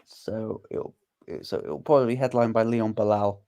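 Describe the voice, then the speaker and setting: A man co-hosting a casual fight watchalong, eager and opinionated, quick to call the next matchups. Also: fairly low pitch, warm tone. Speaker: co-host. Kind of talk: casual fight commentary chat.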